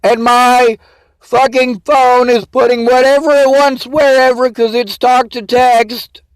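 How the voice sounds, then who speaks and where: High-voiced man in a bitter rant. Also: little pitch movement, a little slow, clear, resonant tone, no echo, poor audio. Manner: bitter, swearing, vents in outbursts. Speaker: vlogger. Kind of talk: angry personal rant to camera.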